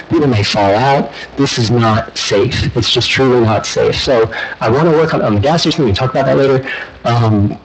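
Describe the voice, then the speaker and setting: A man speaking during public comment at a county meeting. He is out of breath and talks in an earnest, halting way, with many fillers and restarts. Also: mid-range voice, rough recording. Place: county commission meeting room.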